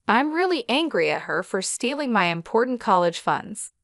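A woman's voice: a little high, very animated, normal speed, a bit bright, dry recording, clean studio sound. A woman reading the lines of a spoiled, self-pitying young woman in a drama story. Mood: self-righteous.

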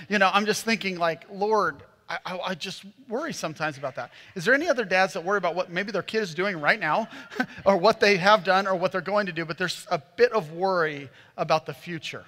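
Pastor, man, 30s, high bright tenor, sermon storyteller, hammy self-mockery, big reverberant hall. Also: brisk. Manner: animated, self-mocking storyteller who acts out voices. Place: church auditorium. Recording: long reverb of a large hall.

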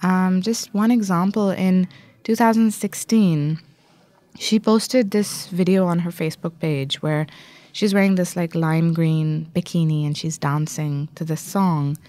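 A woman journalist and author answering interview questions, telling a story fluently and with lively emphasis. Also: lowish voice, a little slow, no room sound.

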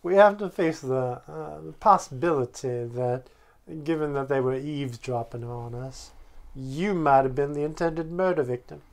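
A man playing a tabletop game, hesitant and halting. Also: on the high side, creaky. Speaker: player. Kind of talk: casual tabletop game chat.

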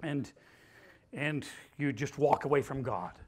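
A pastor preaching a sermon, leading the congregation in call-and-response and rising to loud, emphatic declarations. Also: male voice, medium pitch, a little slow. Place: church hall.

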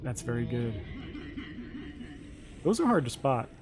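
A man's voice: mid-range voice, very animated, unhurried, a little mellow. A man casually chatting and thinking aloud while playing a survival game on stream. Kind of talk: casual let's-play chat.

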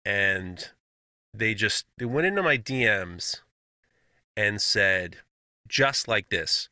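A man co-hosting a casual podcast chat, telling stories in an animated, profane, mocking way. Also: lowish voice, slow pace, no echo, clean studio sound. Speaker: podcast co-host, knife maker.

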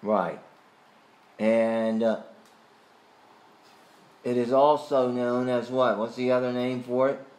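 A man teaching a catechism class, questioning students by name and pausing with frequent fillers. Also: medium pitch, fairly even intonation, a little mellow. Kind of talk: Bible study teaching.

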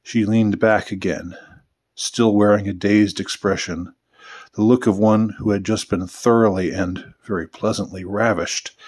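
A man narrates his own novel in the first person, in a deep voice with a husky edge. His reading is measured and subdued, and he keeps even the dialogue low and restrained.

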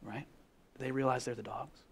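A man preaching a sermon as pastor, emphatic, asking the congregation direct questions, dropping to a hush and building up loud. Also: medium pitch, steady tone, a little fast, slight background noise. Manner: drops to a hushed voice then builds up loud.

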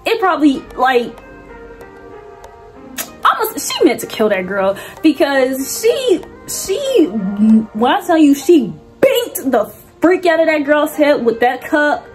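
Young woman ranting thru a movie plot, super expressive, kinda high pitched, soft music under. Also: takes it slowly. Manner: animated and slangy, with lively swoops in pitch. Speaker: movie reviewer. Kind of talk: casual movie plot recap.

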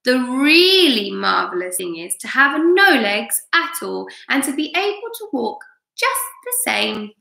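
Contrary blind male earthworm from a storybook, voiced by a woman; bright, roomy. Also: high voice, sing-song, measured pace, vocal fry, voice pushed up, full character voice. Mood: grumbling. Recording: roomy echo.

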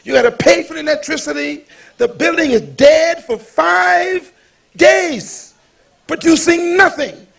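A man's voice: very high-pitched, unhurried, creaky, a bit bright. A male pastor preaching a sermon, telling stories with humor and calling for the congregation's response.

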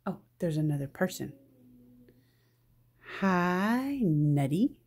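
A woman's voice: fairly low pitch, big pitch swings, slow, a little mellow, slightly rough. A woman filming her pet cockatoo on a phone at home, scolding it and cooing at it in playful baby talk. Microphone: phone held in hand.

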